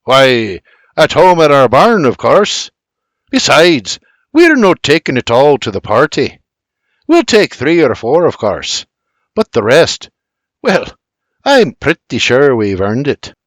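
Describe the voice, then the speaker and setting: Guy doing a cocky scots bootlegger, sly and boastful, bouncy lively voice. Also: medium pitch, slow pace, dry recording. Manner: sly, boastful, broad brogue with dialect words. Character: crafty Scottish-tongued male bootlegger, boastful.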